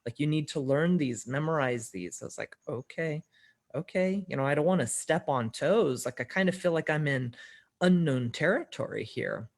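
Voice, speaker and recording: A middle-aged woman on a podcast as a guest shares a personal story at normal speed, her low voice expressive. She brings the dialogue to life with frequent voice shifts for the quoted parts and laughs here and there.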